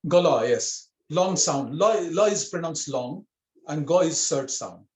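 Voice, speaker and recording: A man teaches a writing script over a video call, going slowly and patiently through each letter with plenty of fillers and repeats. His voice sits a little high. The sound is echoey, as in a bare room. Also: lively intonation, a little hiss or hum. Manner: patient, repetitive explaining with many fillers. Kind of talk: online language lesson.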